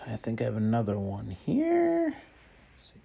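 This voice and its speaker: A man's voice: mid-range voice, huge pitch swings, unhurried, gravelly, mellow, slightly rough. A man chatting casually and rambling to himself while browsing online, swearing often and muttering under his breath. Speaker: vlogger.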